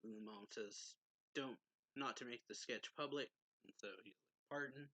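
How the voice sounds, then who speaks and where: A man's voice: mid-range voice, normal speed, pushed and bright, dry recording, low-quality recording. A man casually retelling the events of a manga chapter, reading out characters' lines loosely and filling in with many fillers. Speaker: manga reviewer.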